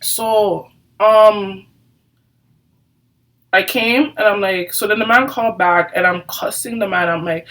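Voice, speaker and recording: A woman's voice: medium pitch, slow, long pauses, fairly bright tone, far from the mic, poor audio. A woman vlogger in a casual storytime chat, animatedly acting out both sides of the conversations she retells. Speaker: beauty vlogger telling a story.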